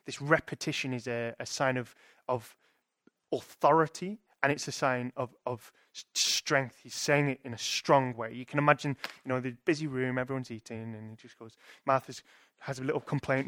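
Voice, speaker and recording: A man's voice: mid-range voice, a bit bright, dry recording, studio quality. A young man giving a sermon in a conversational way, thinking aloud with restarts and asking "right?" to his listeners. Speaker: preacher.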